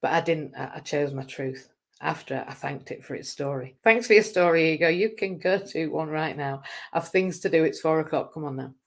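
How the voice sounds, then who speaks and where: A woman's voice: low-pitched, normal speed. A woman hosting a live stream, rambling through a casual monologue in a chatty, self-mocking way and laughing often.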